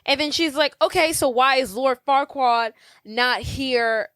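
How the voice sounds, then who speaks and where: A woman's voice: sits high, unhurried, a bit bright, clean tone, dry recording. A woman co-hosting a podcast, playfully retelling a film and voicing the characters' lines. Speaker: podcast co-host. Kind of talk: casual movie recap chat.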